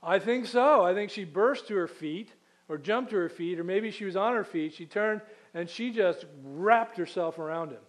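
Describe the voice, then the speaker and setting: Rhetorical questions run through this man's conversational sermon, and he slows down whenever he reads scripture aloud. His voice is high-pitched.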